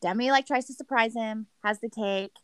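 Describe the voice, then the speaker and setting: A woman's voice: on the high side, normal speed, smooth, no room sound. Give me a woman gossiping in a casual recap chat, recorded dry and close. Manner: chatty, gossipy, heavy use of "like".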